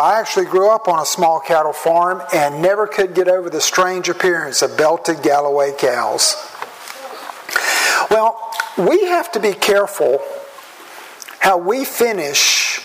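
A man with a Southern American accent, a pastor preaching a sermon in a measured, earnest way. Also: high voice, fairly bright tone, slight background noise, rough recording. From southern United States. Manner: measured, slow and earnest, with drawn-out words. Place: church.

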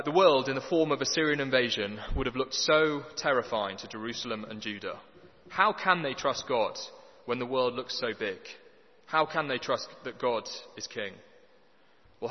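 Guy preaching, dry jokes, long echo in a big hall, kinda muffled lo-fi. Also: medium pitch. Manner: earnest, conversational with dry humour. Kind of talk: sermon. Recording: dull lo-fi sound with long hall reverb.

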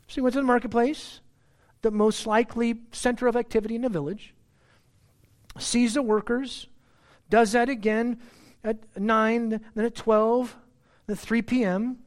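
A man's voice: extremely high pitch, flat delivery, unhurried, long pauses. Man preaching in a conversational tone. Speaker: pastor. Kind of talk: sermon.

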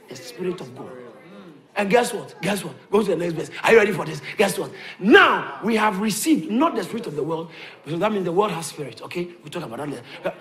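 A man preaching a sermon as a pastor, animated and repetitive, chuckling between points. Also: high voice.

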